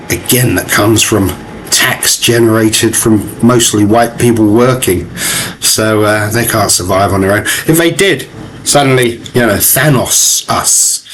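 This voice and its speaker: A man's voice: on the low side, fairly bright tone, slight background noise. A man giving ranting, profane commentary as he reacts to video clips, with mocking laughs.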